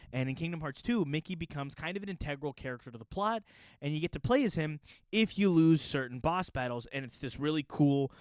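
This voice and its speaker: A man's voice: fairly high pitch, dry recording. A young man telling stories in a casual, joking chat to camera as a puppeteer and YouTuber. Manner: animated, joking, storytelling.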